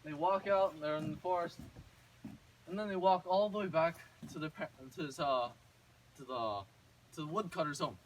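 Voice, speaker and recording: High-voiced man retelling a fairy tale. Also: moderate pace. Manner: rambling, self-correcting, jokey asides. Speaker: storyteller. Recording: distant mic with faint ambient noise.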